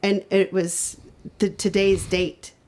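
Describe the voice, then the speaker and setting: A young woman, a singer and new mother, talking as a podcast guest in a soft, open, reflective way. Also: mid-range voice, flat delivery, slow, slight background noise. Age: young adult. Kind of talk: casual interview chat.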